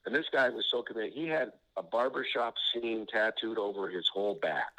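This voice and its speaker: A man with a somewhat low voice talks as a guest author in an interview. He tells his stories in a loose, rambling way, stopping and restarting his sentences and leaning on "you know" as he goes. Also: moderate pace, sharp tone, low-quality recording. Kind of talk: anecdotal storytelling in an interview.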